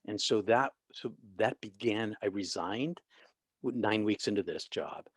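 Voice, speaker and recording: A middle-aged man telling a long personal story in an interview, animated, with many restarts and acted-out quotes. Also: fairly low pitch, measured pace, breathy edge, no echo. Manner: animated, restarts often, acts out quoted people. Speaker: guest, author and former minister.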